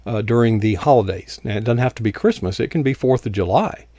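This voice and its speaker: A man hosting an interview show, talking in a halting way as he searches for words. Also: medium pitch, dark tone, no echo. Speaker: host.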